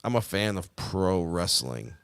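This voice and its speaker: A man's voice: deep voice, sing-song, unhurried, creaky, a bit bright, smooth, no room sound, clean studio sound. A man chatting casually as co-host, rambling, swearing and trailing off mid-thought. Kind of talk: casual chat.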